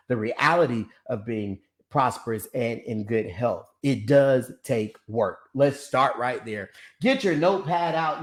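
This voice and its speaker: A young man with a preacher's manner, talking about fitness, calling out to his listeners and laughing often. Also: mid-range voice. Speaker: ministry founder and personal trainer. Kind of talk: lively preaching-style talk to an online audience.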